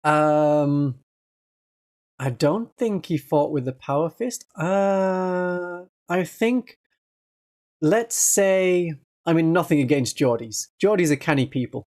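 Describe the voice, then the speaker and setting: Gentle Northeast English streamer voice. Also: mid-range voice, slow. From northeast England. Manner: gentle, laughs often. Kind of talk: casual livestream chat.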